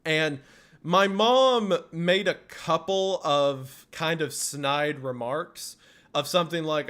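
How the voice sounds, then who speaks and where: A man casually telling a family story, animated and laughing often, acting out quoted lines loudly. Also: fairly high pitch, a little slow. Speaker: streamer.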